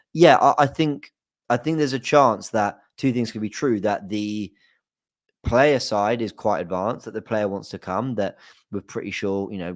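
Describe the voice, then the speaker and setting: A young man hosts a football fan show in a low voice, chatting loosely and filling pauses with ums and you-knows. The sound is dry and close, with no room echo. He hedges often and talks straight to his viewers. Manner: chatty, hedging, many fillers. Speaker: football fan channel host. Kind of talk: casual chat to camera.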